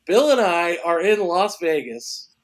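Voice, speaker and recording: A male actor and filmmaker, a guest on a podcast, telling an animated anecdote and laughing often as he talks. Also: sits high, unhurried. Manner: excitable, laughs often while storytelling.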